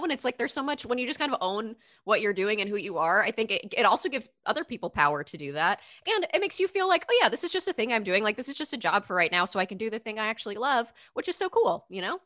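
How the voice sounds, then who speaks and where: A woman's voice: a little high, a bit bright. A woman hosting a podcast, talking in an effusive, affectionate, casual way. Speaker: podcast host. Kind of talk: warm casual interview chat. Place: Los Angeles.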